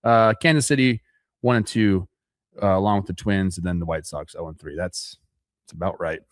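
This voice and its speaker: A man's voice: sits low, moderate pace, no echo. A man co-hosting a baseball podcast, reading standings with wry, dry asides. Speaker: podcast co-host. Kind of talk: casual sports chat.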